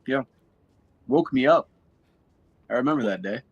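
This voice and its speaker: A man's voice: mid-range voice, lively intonation, moderate pace, slightly rough, no room sound, lo-fi sound. Playful, joking man on a dry headset. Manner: playful, joking, hesitant with restarts. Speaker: streamer. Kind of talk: casual in-character banter.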